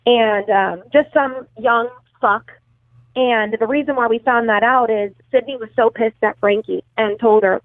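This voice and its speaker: A woman's voice: fairly high pitch, unhurried, no room sound. A woman telling a long story as an interview guest, casual and profane, full of fillers and self-corrections. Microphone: phone call. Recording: tinny dry phone line.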